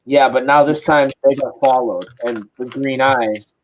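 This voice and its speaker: A man tells a story in a loose, animated way, stops to mimic thuds and footsteps, and swears without a second thought. His voice sits at an ordinary middle pitch and comes through a video call. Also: a little slow, slight background noise, low-quality recording. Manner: animated, imitates sounds, swears freely. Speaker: interview guest. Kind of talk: casual storytelling.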